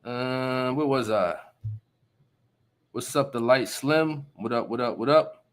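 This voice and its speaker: A man's voice: medium pitch, takes it slowly, clean tone. A man hosting a casual live stream, talking emphatically and often asking listeners if they understand. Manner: laughs between remarks. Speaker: livestream host.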